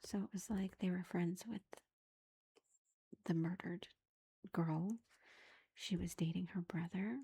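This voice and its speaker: A woman whispering her way through an ASMR book review, her voice almost all breath with a gravelly edge. The tone is dark and mellow as she rambles through the plot, leaning on "like" and "you know" between thoughts. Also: fairly low pitch, steady tone, takes it slowly, pauses often. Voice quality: unvoiced whisper.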